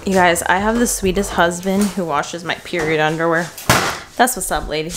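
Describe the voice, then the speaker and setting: A woman's voice: fairly low pitch, normal speed, over loud music. A young woman chatting casually to her vlog camera, bubbly and gushing. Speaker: vlogger.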